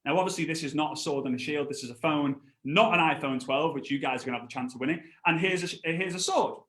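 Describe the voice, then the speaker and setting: A man in his thirties giving an animated training talk, telling stories and acting out voices. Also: a little high, quick pace, roomy sound. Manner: animated storytelling, acts out voices. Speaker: network marketing trainer. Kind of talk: energetic live training talk.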